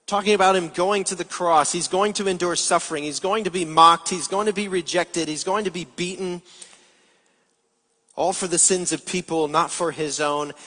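A man's voice: sits high, normal speed, sharp tone. Guy preaching a sermon in a big echoey church hall, explains stuff, asks the room questions. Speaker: pastor. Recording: long hall reverb.

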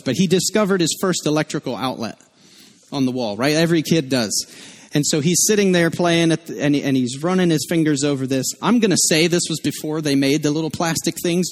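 A man preaching a sermon as a pastor, earnest and conversational, weaving personal stories into his teaching. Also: a little high.

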